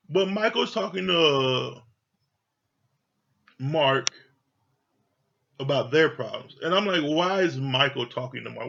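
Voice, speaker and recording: A man's voice: fairly high pitch, a bit bright, highs cut off. A man casually reviewing a reality show, talking bluntly and profanely with an exasperated edge.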